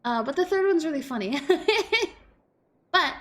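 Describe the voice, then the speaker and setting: A woman streaming a game, chatting casually in an excitable, giggly, gushing way. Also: extremely high pitch, measured pace.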